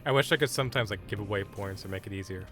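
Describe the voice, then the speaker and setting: A man with a lowish, slightly bright voice races through his words while streaming a game live, faint music behind him. He chats casually and bluntly brushes off requests from chat with dismissive banter.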